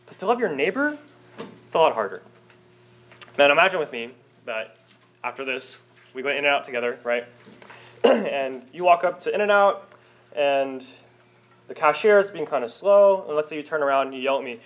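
Young male pastor preaching, higher voice with a lively, swooping delivery, conversational and emphatic. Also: moderate pace, long pauses. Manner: emphatic, rhetorical questions, conversational asides. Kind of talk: sermon.

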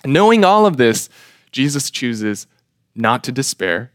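A man's voice: mid-range voice, big pitch swings, measured pace, no echo, clean studio sound. A man preaching a sermon in an earnest, emphatic way, asking rhetorical questions. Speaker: pastor.

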